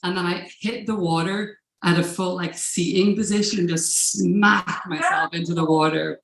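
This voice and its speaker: A woman's voice: fairly low pitch, steady tone, normal speed, creaky, a bit bright, slight background noise. A woman telling a personal story at a live event, in a casual, profane manner with frequent laughs. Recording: roomy live room echo.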